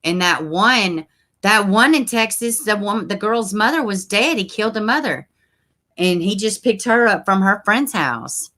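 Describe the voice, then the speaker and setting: A woman's voice: medium pitch, lively intonation, moderate pace, bright, forceful tone. A woman hosting a true crime livestream, chatting casually with her viewers, reading their comments aloud and using folksy slang like y'all.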